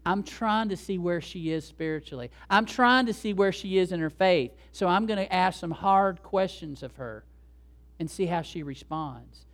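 A calm, measured Jesus explains his purpose patiently, voiced by a male preacher. The voice is fairly high. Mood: explaining. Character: calm teaching Jesus, adult man.

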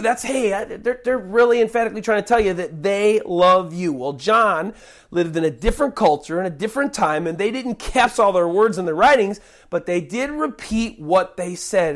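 With a mid-range voice, a preacher works through a Bible passage in his sermon. The delivery is emphatic, full of restarts and punctuated by sudden loud outbursts.

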